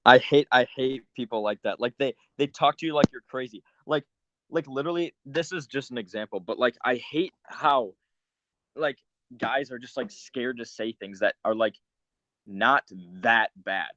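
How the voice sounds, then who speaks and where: A man's voice: medium pitch, moderate pace, a bit bright, no room sound. A young man in his late teens in a casual chat, talking heatedly and full of "like" fillers. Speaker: guest. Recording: dry, dull lo-fi sound.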